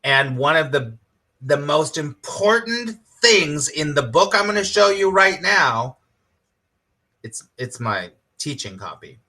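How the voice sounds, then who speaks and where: Middle aged guy teaching live, pumped up, keeps repeating himself and calling out viewers, brightish voice a bit high. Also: sing-song, slow pace. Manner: enthusiastic, repeats phrases, quizzes viewers by name. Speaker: spiritual teacher. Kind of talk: live-stream teaching, reading viewer comments.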